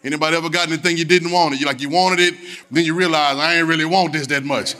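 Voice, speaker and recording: A man's voice: fairly high pitch, steady tone, fast, pushed and bright. A man preaching a sermon in a colloquial manner, repeating phrases and urging the congregation to answer back. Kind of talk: sermon with call-and-response.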